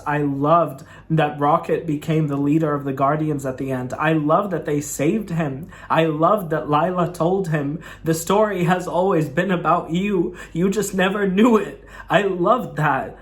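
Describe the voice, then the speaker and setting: Gushing young man reviewing a film. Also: on the high side. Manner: gushing, enthusiastic, repetitive. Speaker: movie reviewer. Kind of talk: casual video review.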